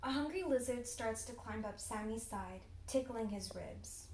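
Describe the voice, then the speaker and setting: A teenage girl narrating a children's picture book in an expressive, deliberate read-aloud style. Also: fairly high pitch, roomy sound, low-quality recording. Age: teens. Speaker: storybook reader.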